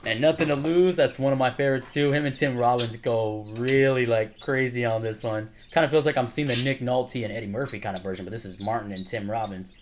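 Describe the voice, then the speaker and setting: A man's voice: medium pitch, fairly quick. Man, casual fan vlogger, mid-range voice, eager rambling retellings, noisy home take with birdsong. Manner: excited, rambling retelling of movie scenes with laughs. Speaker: movie fan showing his collection. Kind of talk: casual chat to camera. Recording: noisy home recording with birds chirping behind.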